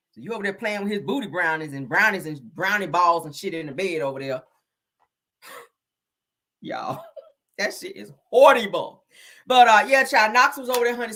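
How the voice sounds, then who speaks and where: A woman hosting a gossip show, talking in a sassy, animated way, full of "honey" and "child" and swearing. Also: medium pitch. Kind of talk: casual gossip commentary.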